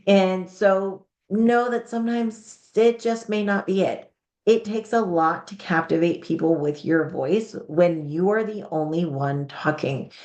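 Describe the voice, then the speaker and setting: A woman's voice: mid-range voice, unhurried, darkish tone, reverberant. A woman hosting a live advice show, talking frankly and upbeat, thinking aloud and restarting her sentences as she goes. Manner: frank, upbeat, talks through ideas with restarts. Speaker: host giving publishing advice.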